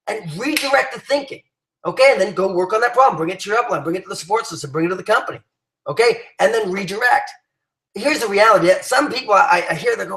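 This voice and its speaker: A man's voice: sits high, expressive, fast, a bit bright, reverberant, low-quality recording. A man giving an emphatic motivational talk to his team, rallying them with many restarts and fillers. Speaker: business leader addressing his team.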